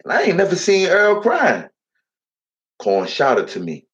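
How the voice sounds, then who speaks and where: A man's voice: sits high, wildly swooping pitch, a little slow, a bit bright. A man telling a dramatic first-person story in heavy dialect, slipping into the voices of the people in it. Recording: dull lo-fi recording.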